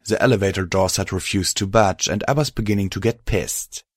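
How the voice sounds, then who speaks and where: A man reading a story aloud in steady, even scripted narration. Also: lowish voice, fairly quick, no room sound, studio quality. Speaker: audiobook narrator.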